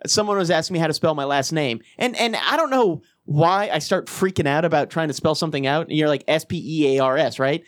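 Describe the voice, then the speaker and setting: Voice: medium pitch, animated, fast, few pauses, no room sound, studio quality. A podcast co-host telling a funny story in casual chat, laughing and swearing.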